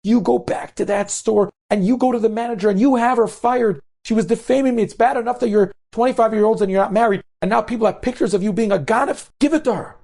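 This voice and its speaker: A man's voice: high voice, quick pace, gravelly, hardly any pauses, a little mellow, voice pushed up. A man voicing a distraught mother in a spoken story, pleading and upset. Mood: indignant. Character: distraught middle-aged mother.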